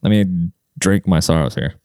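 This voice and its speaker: A man's voice: sits low, normal speed, a little mellow, smooth, dry recording, clean studio sound. A man rambling through a casual comic monologue, profane and self-deprecating, full of fillers. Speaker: comedian and podcaster.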